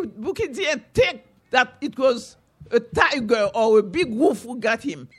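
A woman from Haiti telling a folktale to an audience, animated, with repeated chanting phrases. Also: fairly high pitch, husky. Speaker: storyteller, author.

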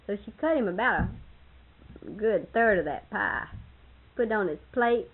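An older woman with a husky voice, reminiscing casually about family and laughing often as she tells stories. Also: mid-range voice, expressive, normal speed, phone-quality sound. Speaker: storyteller in family history interview.

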